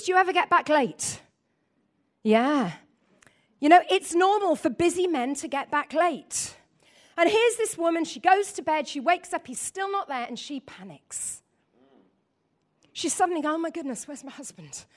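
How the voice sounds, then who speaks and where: A woman preaching a lively sermon, joking with her audience and acting out scenes. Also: very high voice. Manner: animated, laughing, acts out voices.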